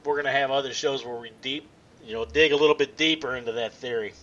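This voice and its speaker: A man's voice: mid-range voice, fairly even intonation, fast talker, dull audio, a loud crowd. A male talk show host chatting casually, joking and giggling, often tripping over his words.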